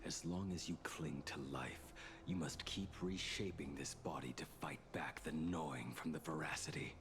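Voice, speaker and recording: A man voicing a grim immortal swordsman bent on vengeance, speaking slowly and solemnly in a hushed, breathy half-whisper. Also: extremely low pitch. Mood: grim, menacing. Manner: slow, solemn, menacing. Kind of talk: video game voice acting. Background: game music.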